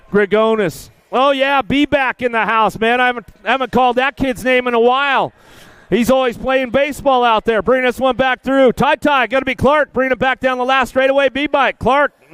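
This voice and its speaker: A man announces a live BMX race outdoors with a very high, smooth voice. He fires off rider names and positions in rapid bursts and jokes around with the racers. The sound is close and dry. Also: dry recording. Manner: excitable, chummy with riders.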